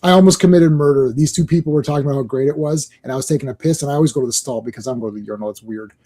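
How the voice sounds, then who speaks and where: Speaking very fast in a mid-range voice, this middle-aged man co-hosts a podcast. In loose chat he spins lively, wandering stories and laughs a lot.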